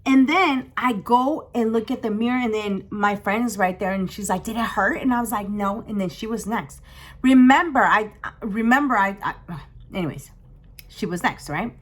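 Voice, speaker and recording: Young woman vlogger, animated storyteller with frequent restarts. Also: medium pitch, moderate pace. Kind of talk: storytime vlog, casual chat.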